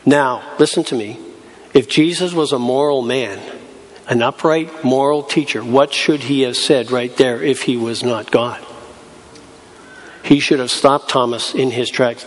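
A man's voice: medium pitch, normal speed. A man preaching a sermon, talking to the congregation in a conversational way and acting out scenes from the Bible in different voices. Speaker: pastor. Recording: long hall reverb.

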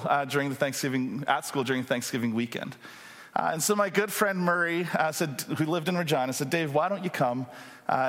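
A man in his forties preaching, telling a funny story in an animated, self-mocking way with many fillers. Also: fairly high pitch, long reverb tail. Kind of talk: storytelling sermon.

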